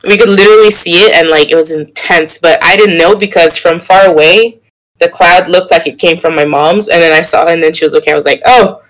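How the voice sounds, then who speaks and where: A young man in casual podcast chat, telling an animated story with laughter and sudden jumps in pitch. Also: a little fast, rough recording. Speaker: podcast co-host.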